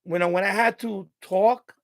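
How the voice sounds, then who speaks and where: A man's voice: sits high, fairly even intonation, moderate pace, creaky, no room sound. A middle-aged man hosting a live stream, telling stories in a rambling, casual way, laughing often and repeating himself. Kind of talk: casual storytelling monologue.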